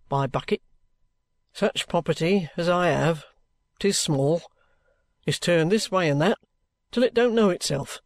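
A man voicing a bluff, steady middle-aged ex-soldier who talks plainly and good-humouredly. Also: on the high side, no echo, close to an everyday voice.

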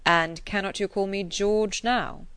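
A woman voicing an earnest, affectionate gentleman who gently reproves the woman he loves, in an audiobook reading. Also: medium pitch, steady tone, a little slow, clean tone, dry recording.

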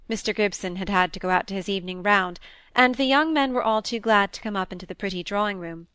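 A woman narrating a classic novel in a calm, even storytelling manner. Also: medium pitch, quick pace, clear, resonant tone, no echo. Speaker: audiobook narrator. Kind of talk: scripted narration.

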